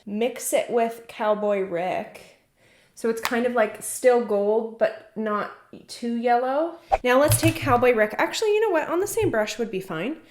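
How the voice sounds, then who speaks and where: A woman chatting enthusiastically through a casual makeup tutorial as a beauty vlogger, talking while she works. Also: a little high. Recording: echoey room.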